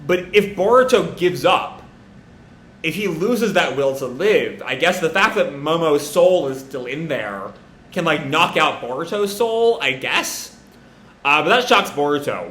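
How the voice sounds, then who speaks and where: A man's voice: on the high side, sing-song, a little slow, a bit bright, slight background noise. A man giving casual, rambling commentary while reading a comic aloud live. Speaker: manga reaction host. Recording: roomy echo.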